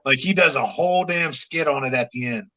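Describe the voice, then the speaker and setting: A man's voice: a little high, fairly quick, pushed and bright, no echo, rough recording. A man co-hosting a podcast, retelling comedy routines in profane casual chat. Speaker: podcast co-host.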